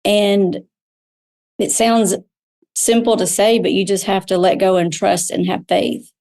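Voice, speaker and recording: A woman's voice: mid-range voice, fairly even intonation, a little slow, a little mellow. A middle-aged woman, a medical spa owner, talking candidly as an interview guest and retelling her own experiences with frequent restarts. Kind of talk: conversational interview.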